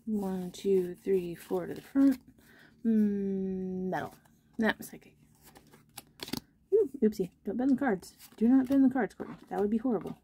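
Bubbly young woman vlogger, mellow voice. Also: medium pitch, a little slow, pauses often, slight background noise. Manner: bubbly, chatty, self-deprecating. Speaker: card-opening vlogger. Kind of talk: casual chat while opening card packs.

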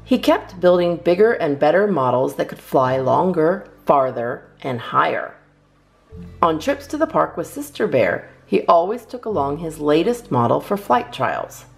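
A woman reads a children's storybook aloud in a low, gravelly voice. Her reading is lively and rises and falls expressively, with faint guitar music in the background. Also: measured pace. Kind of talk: children's read-aloud narration.

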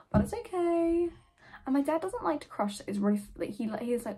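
A woman's voice: on the high side, lively intonation, normal speed, low-quality recording. A teenage girl vlogging at home in casual chat, gushing and dramatic, swearing freely.

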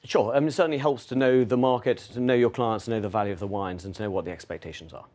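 Guesting on an interview, a middle-aged wine auction executive from England fields the questions with friendly self-deprecation, talking fast and restarting now and then. He has an English accent and a mid-range voice with a darkish tone.

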